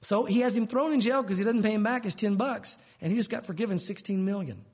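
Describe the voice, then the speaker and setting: Husky preacher guy, pretty high voice, talking casual to the crowd. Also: fast. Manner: conversational, addresses listeners as "guys"; earnest, explains verses in plain words. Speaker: pastor. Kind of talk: sermon.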